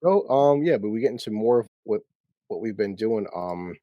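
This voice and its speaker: A man's voice: fairly low pitch, lively intonation, moderate pace, no echo, dull audio. A man hosting a casual show, retelling scenes in a rambling, profane way. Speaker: podcast host recapping a TV episode. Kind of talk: casual chat.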